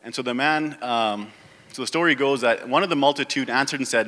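A man's voice: medium pitch, a little fast, sharp tone. A male pastor preaching a sermon, reading scripture aloud and then pressing his point with rising emphasis. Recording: long hall reverb.

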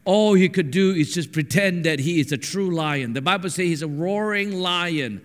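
A man preaching a sermon, telling stories with animated swings from hushed to shouting. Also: high-pitched, moderate pace. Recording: echoey hall with long reverb.

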